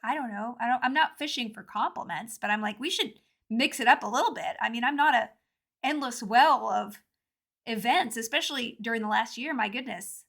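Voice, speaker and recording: Brief: bubbly woman in her thirties, high voice, hosting a casual solo podcast with self-deprecating chatter, recorded at home. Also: a little fast, vocal fry, fairly bright tone. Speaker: podcast host. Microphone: home recording, not in booth.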